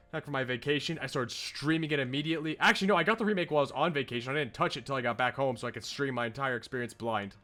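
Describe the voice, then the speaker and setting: A man's voice: a little high, fairly bright tone. A young man streaming a game, chatting casually with enthusiastic, gushing commentary and frequent laughs.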